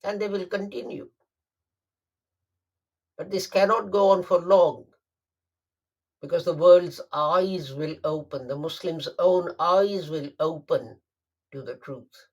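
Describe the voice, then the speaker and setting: A man delivering a Friday sermon, emphatic and deliberate, repeating phrases for stress. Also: a little high, muffled recording. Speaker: preacher.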